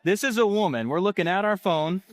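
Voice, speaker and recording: Energetic salesy man, dry close sound. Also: high-pitched, fairly quick, no echo. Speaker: marketing speaker. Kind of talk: casual teaching talk.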